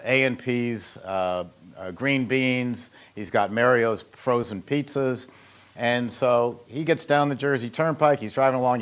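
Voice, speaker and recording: A man hosting a how-to show and talking casually about his trade, rambling through anecdotes with joking asides. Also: medium pitch. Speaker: host and ice machine maker. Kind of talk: casual instructional talk.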